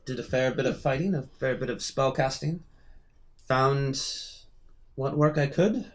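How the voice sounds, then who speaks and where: A man's voice: mid-range voice, unhurried, lightly acted. A man voicing a cheerful old woman, a retired adventurer turned hermit druid, with a folksy, rambling, hospitable manner. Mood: reminiscing. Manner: warm, folksy, rambling hostess.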